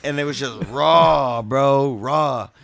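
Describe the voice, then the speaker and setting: A man tells a wild story in loose, profane, casual talk. He laughs a lot, jumps into shouted character bits, and drops to a near mutter for the asides. His voice sits at an ordinary middle pitch. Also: slow pace, gravelly. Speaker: podcast co-host.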